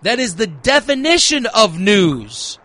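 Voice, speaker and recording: A man's voice: sits high, very animated, measured pace, pushed and bright. A man hosting a talk radio show, ranting in a heated, emphatic way and repeating phrases for emphasis. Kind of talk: opinionated talk radio rant.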